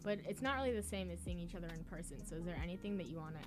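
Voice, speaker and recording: A woman's voice: lowish voice, lively intonation, very fast. Casting: young woman, college radio host, teasing and giggly, music bed underneath. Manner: playful, teasing, laughs often. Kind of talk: casual chat.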